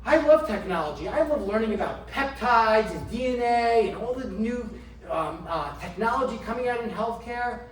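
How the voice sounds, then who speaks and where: A middle-aged man, a chiropractor, giving a motivational health talk to a live audience, asking them questions and slowing down to stress key phrases. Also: extremely high pitch, expressive. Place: indoor event room. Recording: roomy echo, mic from a distance, faint background noise.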